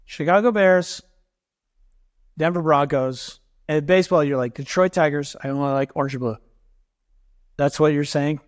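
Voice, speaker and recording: A man's voice: a little high, normal speed, pauses often. A man co-hosting a podcast who teases his friend and jokes around in a casual chat. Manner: teasing, jokey, puts on mock voices. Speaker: podcast co-host.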